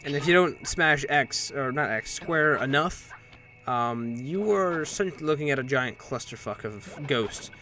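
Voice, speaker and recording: A man's voice: mid-range voice, lively intonation, a little slow, sharp tone. Rambling, jokey man narrating a game. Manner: rambling, jokey, swears, self-corrects. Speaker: let's play commentator. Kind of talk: casual gameplay commentary. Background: game music.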